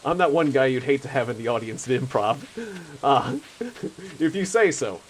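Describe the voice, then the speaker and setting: A man's voice: medium pitch, expressive, moderate pace, a little hiss or hum, poor audio. A young man streaming a game, chatting casually, rambling and laughing often. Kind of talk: casual chat while playing a game.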